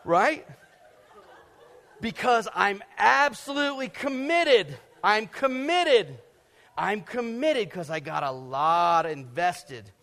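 A middle-aged pastor from Georgia delivers a sermon to a congregation from the stage, his voice pitched on the high side. He drifts into lively personal stories, acting out scenes and adding playful sound effects. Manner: animated storytelling, acts out scenes and sound effects. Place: stage before a live congregation.

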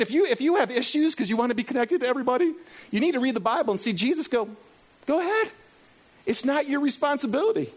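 A middle-aged man preaching a sermon to a congregation, animated and acting out his own inner dialogue. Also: fairly high pitch. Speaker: pastor. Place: in front of a congregation.

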